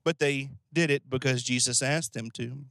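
A man's voice: mid-range voice, fairly even intonation, moderate pace, gravelly, a bit bright, dry recording. A man preaching a conversational sermon, acting out voices of the people in the story. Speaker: pastor.

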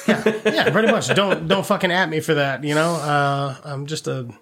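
A man's voice: fairly high pitch, steady tone, moderate pace, a crowd in the background. Profane rambling man reviewing movies. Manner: profane, rambling, laughs often. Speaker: podcast co-host. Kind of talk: casual movie review chat.

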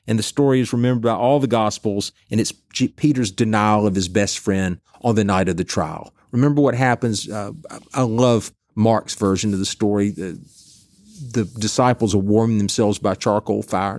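A man's voice: lowish voice, a little mellow, no echo, clean studio sound. A middle-aged male pastor giving a conversational Bible reflection, reading scripture and then telling stories. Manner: storytelling, reads scripture then chats.

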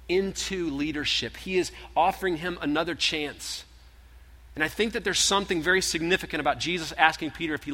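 A man preaching a sermon, retelling scripture in animated storytelling style and acting out the voices. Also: fairly high pitch. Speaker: pastor. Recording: long hall reverb.

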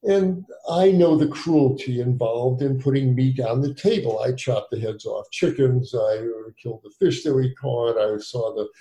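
Mellow-voiced man telling stories in an echoey room. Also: medium pitch, moderate pace, few pauses. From United States. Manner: rambling with many restarts and fillers. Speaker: physician guest. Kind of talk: conversational interview storytelling.

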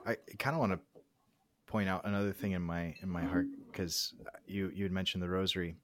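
A young man with a notably low, deep voice, speaking slowly and reflectively about his faith. He hesitates often and fills the gaps with small words. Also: fairly even intonation. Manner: reflective, hesitant, many fillers. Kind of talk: casual faith discussion.

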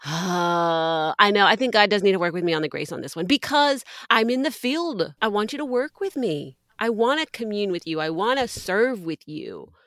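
A woman's voice: medium pitch, lively intonation, moderate pace, hardly any pauses, a bit bright, no room sound, clean studio sound. A woman co-hosting a faith podcast, talking in an earnest, preachy, rallying way. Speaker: podcast co-host.

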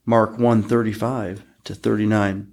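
A man hosting a podcast, reading Bible passages aloud in a measured, even way. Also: on the low side. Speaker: podcast host reading scripture. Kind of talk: scripture reading.

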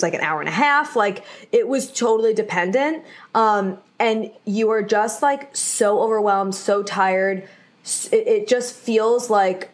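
A young woman hosting a podcast, talking casually and candidly with lots of filler words, speaking straight to her listeners in a reassuring way. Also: medium pitch. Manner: chatty, candid, many "like" fillers; addresses listeners directly, reassuring. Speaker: podcast host. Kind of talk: casual solo podcast talk.

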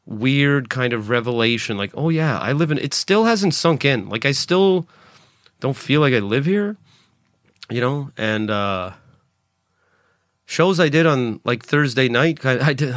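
A man in his late forties rambles through a solo podcast monologue, self-deprecating and quick to swear. His pitch sits in the middle for a man, and he often breaks off and restarts his sentences. The recording is dry and close, with no room sound. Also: fairly bright tone, dry recording. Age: 40s. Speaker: podcast host, stand-up comedian.

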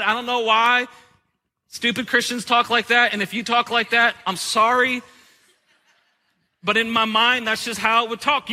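A man's voice: high voice, fairly even intonation, measured pace, pauses often, sharp tone, in a large hall. A man pastor giving a sermon in a conversational, joking way, with rhetorical questions to his listeners.

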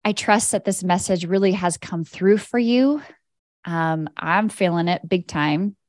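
This podcast host and energy coach speaks at a fairly low pitch, a little slowly, with a slightly mellow tone. Her guided spiritual coaching talk walks listeners through inner-child work, soothing yet direct and casual, in studio-quality audio free of room sound.

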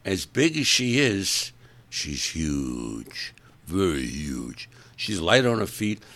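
A man with a very low, gravelly voice grumbles through an offhand solo monologue. He rambles from one gripe to the next in an opinionated, chatty way. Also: very animated, takes it slowly, fairly bright tone, no room sound. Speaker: podcast host.

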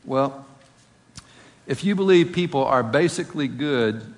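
A man's voice: medium pitch, animated, a little slow. A man preaching a sermon. He reads scripture aloud, then explains it conversationally and asks rhetorical questions. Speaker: pastor. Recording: long reverb of a large hall.

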